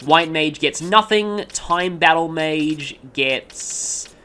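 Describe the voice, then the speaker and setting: A man's voice: on the high side, drawn-out words, bright, forceful tone, smooth. A man giving casual gameplay commentary, rambling along with frequent ums and stopping to correct himself mid-sentence. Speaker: let's play commentator.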